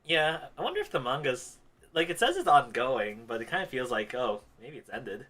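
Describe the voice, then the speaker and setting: Bright-toned man in easy chat. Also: mid-range voice, very animated, normal speed. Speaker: podcast co-host. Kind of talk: casual chat.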